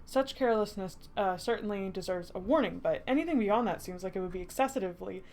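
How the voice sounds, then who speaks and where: A smooth, condescending duke speaks with cool politeness and brushes off every complaint. He is a middle-aged nobleman in a game story, read by a woman in near her own voice. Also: medium pitch, quick pace, darkish tone, lightly acted. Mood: dismissive. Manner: polite, dismissive.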